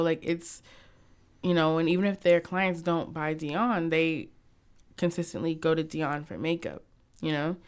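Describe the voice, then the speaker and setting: A young woman from the United States chatting in an interview, telling stories in an animated way and acting out quotes from others. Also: on the low side, smooth. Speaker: guest, cosmetics company founder. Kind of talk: casual interview chat.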